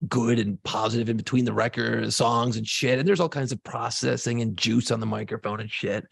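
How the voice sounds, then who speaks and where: A man's voice: mid-range voice, fairly even intonation, a little fast, vocal fry, breathy edge, dry recording, studio quality. A man who hosts radio, chatting casually on a podcast in a laid-back way and swearing freely.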